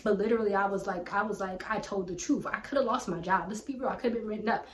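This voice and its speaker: A woman teaches from scripture in an earnest, colloquial, conversational way, with a voice of ordinary middle pitch. Her voice sits back from the microphone in a roomy, echoing space. A faint hum runs underneath. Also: fast. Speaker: Bible teacher. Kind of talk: casual Bible teaching with personal story. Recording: roomy echo, distant from mic, faint background hum.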